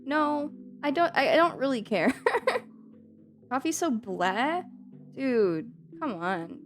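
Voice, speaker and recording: A woman's voice: sits high, lively intonation, slow, soft background music. A woman streamer chatting casually and giggling as she reads and answers her chat, with a careless swear now and then.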